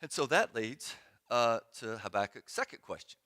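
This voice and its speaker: A male pastor preaching in a church sanctuary with a bright, forward voice. He keeps it conversational and drops sarcastic, joking asides. His pitch sits in a middle range. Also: lively intonation, moderate pace. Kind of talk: sermon.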